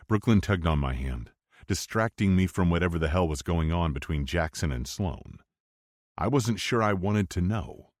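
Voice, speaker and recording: Man, very deep voice, lively melody, first-person romance narration, dry close recording. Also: dry recording. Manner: expressive storytelling, wide swings for dialogue. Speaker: audiobook narrator.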